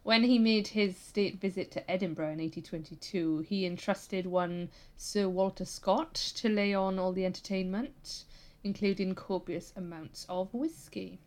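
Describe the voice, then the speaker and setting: Female podcast co-host, medium pitch, lively amused storyteller. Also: moderate pace. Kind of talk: casual history chat.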